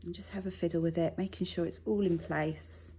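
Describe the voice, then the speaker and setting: A woman's voice: on the low side, fairly even intonation, brisk, warm tone, slight background noise. A woman teaching a sewing tutorial from her home sewing room, chatty and reassuring as she works. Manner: chatty, reassuring, self-deprecating asides. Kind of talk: relaxed tutorial talk while working.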